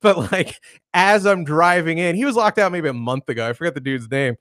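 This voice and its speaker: A man's voice: a little high, fairly quick, fairly bright tone, no echo. Chatty man with a dry voice. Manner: chatty storyteller, laughs while telling anecdotes. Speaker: podcast co-host, locksmith. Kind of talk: casual chat.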